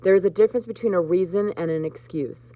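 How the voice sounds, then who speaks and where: Low-voiced woman reading spiritual cards. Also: fast, no room sound. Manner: warm, emotional, choked up with laughter at times. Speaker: host. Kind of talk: live card reading for viewers.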